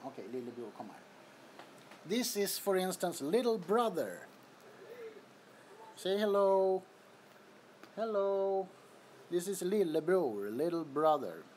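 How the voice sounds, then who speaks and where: A man with a high, very animated, slightly mellow voice livestreams casually from his apartment bedroom, sweaty from the heat. He speaks unhurriedly with long pauses, greeting viewers and laughing often. It's recorded on a phone with a little hiss or hum.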